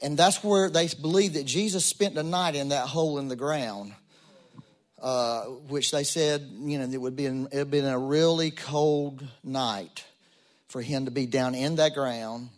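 A man's voice: medium pitch, measured pace. A man preaching a sermon to a congregation, telling a story in a casual way and building to emphatic peaks. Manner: conversational storytelling, rising to emphatic. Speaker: pastor. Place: church room with congregation.

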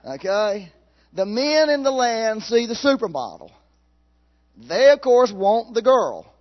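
Animated, high-pitched folksy preacher. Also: male voice, takes it slowly, muffled recording. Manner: animated, folksy, laughs at own jokes. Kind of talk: sermon.

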